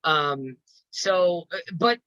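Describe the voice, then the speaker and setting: A man co-hosting a casual podcast chat, talking in a quick, laughing way with stumbling restarts. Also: a little high, expressive, sharp tone, smooth, no room sound, rough recording. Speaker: podcast co-host. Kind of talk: casual chat about roller coasters.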